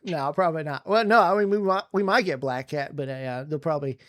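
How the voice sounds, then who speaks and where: A man co-hosting a casual podcast, reviewing a movie in an excited, rambling way with lots of restarts. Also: a little high, fast talker. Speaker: podcast co-host.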